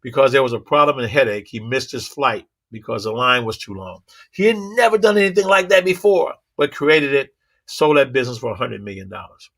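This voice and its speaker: A man giving a motivational talk, telling animated stories with sound effects and rhythmic, preacherly repetition. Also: medium pitch, brisk, creaky. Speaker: motivational speaker.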